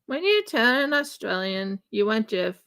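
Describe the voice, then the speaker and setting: A woman from the United States tells a story at a slow, unhurried pace while she crafts on a livestream. Her voice is bright and fairly high. She acts out the dialogue as she goes. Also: sing-song, smooth. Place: home craft room.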